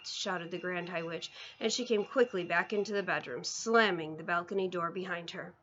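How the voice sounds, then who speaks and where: A woman reading a children's book aloud, expressive, with small slips and restarts. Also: on the low side, normal speed, few pauses, dull audio. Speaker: reader. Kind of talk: storybook read-aloud.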